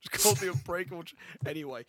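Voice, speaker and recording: A young man, co-hosting a casual film podcast, animated and laughing often. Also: a little high, rapid-fire, no echo. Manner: animated, laughs often, acts out scenes in funny voices. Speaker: podcast co-host.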